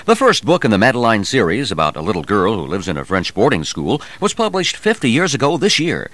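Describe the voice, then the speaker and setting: A man hosting a radio news feature, reading his script in a lively, sing-song way. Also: fairly quick. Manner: lively, sing-song delivery with wide swings in pitch.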